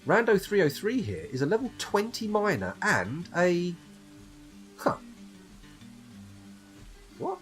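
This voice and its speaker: A man's voice: high-pitched, huge pitch swings, slow pace, long pauses, fairly bright tone. A man from the UK giving casual, wry commentary while streaming a game live, reading item text aloud and swearing in jest. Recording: faint background game music.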